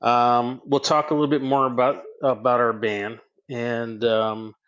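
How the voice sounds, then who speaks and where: A man's voice: mid-range voice, level tone, a little slow, fairly bright tone, muffled recording. A man around fifty from North Dakota, co-hosting a podcast in casual chat, easygoing and chuckling along with short agreeing replies. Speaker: podcast co-host.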